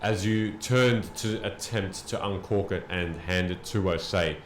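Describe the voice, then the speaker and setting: A man running a tabletop game as game master, narrating calmly and slowly. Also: sits low. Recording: echoey room with faint noise.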